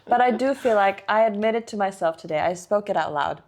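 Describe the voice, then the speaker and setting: A woman's voice: medium pitch, animated, brisk. A young woman co-hosting a podcast in casual chat, joking and rambling into playful asides. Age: young adult. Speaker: podcast co-host.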